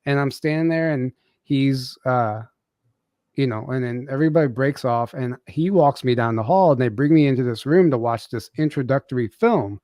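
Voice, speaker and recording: A man's voice: mid-range voice, moderate pace, warm tone, dry recording, clean studio sound. A man telling a personal story as a podcast guest, casually, with many fillers and restarts.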